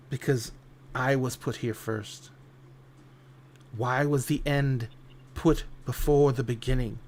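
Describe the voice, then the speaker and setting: A man's voice: medium pitch, darkish tone, lightly acted. A man voicing Atropos, the eldest of the fates, grave and menacing. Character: Atropos, cold eldest woman of fate.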